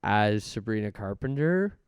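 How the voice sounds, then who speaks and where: Rambling low-voiced podcast host, man. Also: expressive, measured pace, clean tone, no room sound, clean studio sound. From Canada. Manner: rambling, joking, self-mocking asides. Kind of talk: solo podcast monologue.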